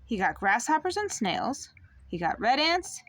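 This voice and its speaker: A young mother reading a picture book aloud to her child, in an expressive, sing-song way. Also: on the high side, unhurried, no echo.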